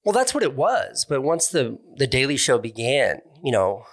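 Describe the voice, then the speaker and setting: A middle-aged online video creator, appearing as an interview guest, speaks candidly and thoughtfully, often restarting his words as he reflects. His mid-range voice is sing-song at a moderate pace.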